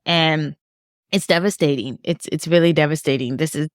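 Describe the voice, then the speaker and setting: A middle-aged woman professor talking earnestly and emotionally on a podcast, often halting and restarting. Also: sits low, dry recording, clean studio sound. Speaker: professor and author. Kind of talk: podcast discussion.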